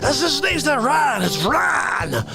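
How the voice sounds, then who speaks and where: A man doing an impression of a rambling, boozy old male baseball announcer, with loud, drawn-out shouting. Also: extremely high pitch, big pitch swings, creaky, over music, pitched above the performer's own voice, exaggerated voice. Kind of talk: celebrity impression on a live comedy stream.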